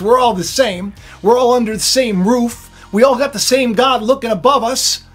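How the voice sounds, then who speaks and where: A man's voice: moderate pace, few pauses, breathy edge, soft background music. Rambling man hosting a spiritual vlog. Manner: rambling, many fillers and restarts, swinging between low murmurs and loud outbursts. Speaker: spiritual video host. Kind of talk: casual rambling monologue.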